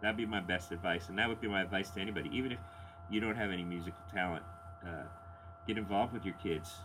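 A middle-aged man hosts a blues radio show, answering listener letters casually and candidly, rambling with lots of fillers and chuckles. His voice is deep and fast against a noisy background.

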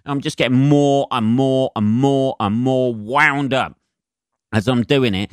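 A man's voice: mid-range voice, a little slow, clean tone, no echo, clean studio sound. A man hosting his own comedy podcast, ranting and swearing his way through a monologue. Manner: sweary, ranting, winds himself up.

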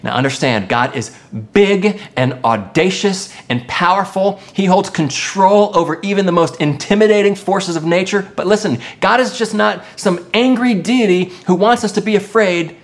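Expressive pastor preaching a sermon. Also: mid-range voice, moderate pace, few pauses. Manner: expressive preaching, swinging from emphatic to hushed.

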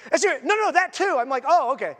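Male pastor, middle-aged, very high voice, animated sermon, long hall reverb. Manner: animated, acts out quotes, restarts often.

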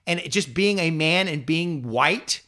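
A man vents in a heated podcast conversation, with a bright, forceful tone and a voice pitched a little high. He swears at nearly every turn and circles back over his own phrases. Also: animated, a little slow. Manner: angry, swears constantly, repeats himself. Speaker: podcast host.

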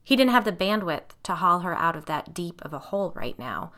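A woman reading an audiobook in a measured, suspenseful narration. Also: on the low side, big pitch swings, sharp tone.

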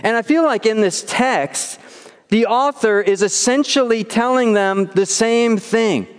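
High-voiced young preacher in a reverberant hall. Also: male voice, unhurried, clean tone. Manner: casual storytelling, acts out whiny child voices. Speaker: youth pastor. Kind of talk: sermon with scripture reading.

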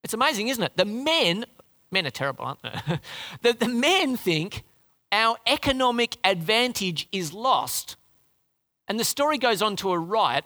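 A man preaching a sermon in an animated, conversational way, often restarting his phrases. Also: high voice.

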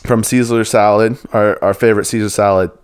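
A man's voice: lowish voice, fairly even intonation, a little fast, smooth. A young man co-hosting a podcast, laid-back and rambling in casual chat, laughing often. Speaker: podcast co-host.

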